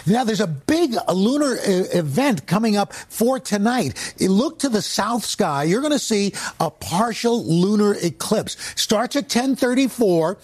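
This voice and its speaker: A man giving a morning television weather forecast in a notably high voice. He keeps it light and chatty, joking easily, then rattles through city temperatures at a brisk clip. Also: animated, a little mellow, slightly rough. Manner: jokey, chatty, brisk with figures. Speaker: weather presenter.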